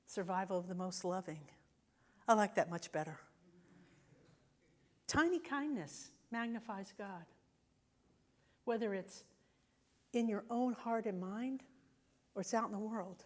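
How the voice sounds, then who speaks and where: A woman's voice: mid-range voice, animated, unhurried, long pauses, darkish tone. A woman minister giving a sermon in a conversational way, often checking in with the congregation. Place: church sanctuary.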